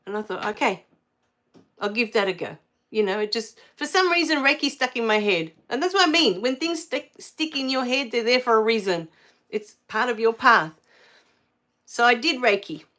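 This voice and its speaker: Australian woman, middle-aged, casual livestream storyteller; effusive, lifts into bright exclamations. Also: fairly high pitch, normal speed. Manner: warm and effusive, rising to excited exclamations. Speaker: spiritual livestream host.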